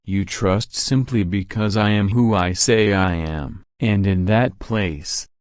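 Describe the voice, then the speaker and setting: This is God , voiced by a man addressing his child in a devotional narration. The delivery is slow, measured and reassuring, pitched fairly low. The sound is close and dry, with no room around it. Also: no room sound. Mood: solemn reassuring. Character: God speaking to his child, calm and solemn.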